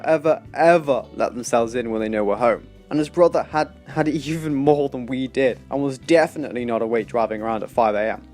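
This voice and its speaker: A man with a British accent narrating a forum story in a steady, scripted read. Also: mid-range voice. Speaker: story reader. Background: faint background music.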